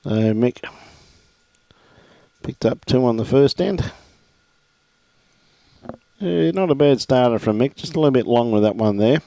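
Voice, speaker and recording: A man with an Australian accent giving relaxed live commentary on a bowls match and greeting viewers by name. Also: mid-range voice, measured pace, long pauses, dry recording. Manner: laid-back, chatty, greets viewers by name. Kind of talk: live sports commentary with viewer shout-outs.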